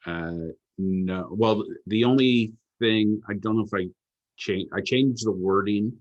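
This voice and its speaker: Low-voiced man in relaxed chat. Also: unhurried, dull audio. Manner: relaxed, rambling with fillers. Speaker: app co-founder. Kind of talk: casual work chat.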